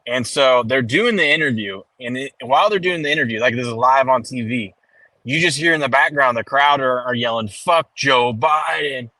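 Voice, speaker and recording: Bright-voiced animated male co-host. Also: medium pitch, fairly quick, no room sound, low-quality recording. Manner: animated storyteller, loose and profane. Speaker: sports stream co-host. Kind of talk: casual sports chat.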